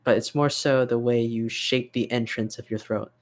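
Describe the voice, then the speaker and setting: A man's voice: medium pitch, steady tone, normal speed. A man on a podcast chatting casually about singing, full of fillers and restarts. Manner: demonstrates vocal fry and gritty singing while explaining; lots of fillers, restarts and "you know". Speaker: podcast host. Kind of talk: casual chat.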